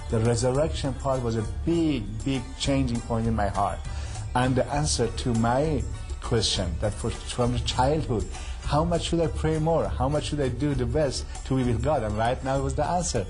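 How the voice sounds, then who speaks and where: A man's voice: mid-range voice, a little mellow. Earnest accented man sharing his testimony. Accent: Middle Eastern. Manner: earnest, non-native phrasing, retells dialogue. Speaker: guest giving a testimony. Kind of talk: personal testimony.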